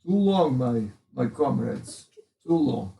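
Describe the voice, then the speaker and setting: A man's voice: animated, creaky, mellow, roomy sound, distant mic, full character voice. Man putting on a pompous Russian-accented space politician. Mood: rousing. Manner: slow, booming, pompous speech. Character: grandiose male space politician rallying crowds.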